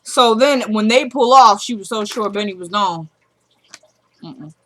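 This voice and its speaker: A woman with a mid-range, fairly bright voice casually recaps a TV drama episode at a slightly slow pace, acting out the characters' lines as she retells each scene.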